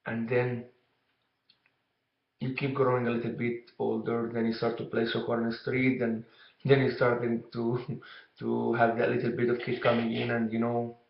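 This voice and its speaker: A man's voice: mid-range voice, completely flat delivery, vocal fry. Rambling man telling a story. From Egypt. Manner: rambling, halting, fillers like you know. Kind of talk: casual storytelling to camera. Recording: dull, echoey room recording.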